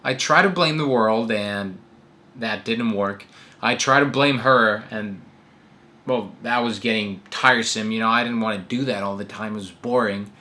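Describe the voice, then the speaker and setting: A young man in his twenties telling a personal story to camera in an earnest, animated way. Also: medium pitch. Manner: earnest, animated retelling with acted quotes. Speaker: vlogger. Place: New York City.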